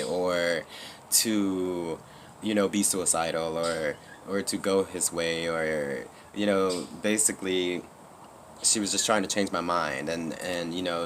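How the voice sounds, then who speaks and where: A man with a very low, deep voice talks candidly to camera in a casual personal vlog. He rambles, restarts and fills gaps with "um" and "like." A faint air conditioning hum sits under his voice in an indoor room. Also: a bit bright. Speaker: YouTuber.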